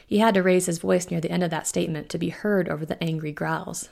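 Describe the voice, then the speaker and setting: A woman author reading her own novel aloud in a steady, measured audiobook narration. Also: on the low side, vocal fry.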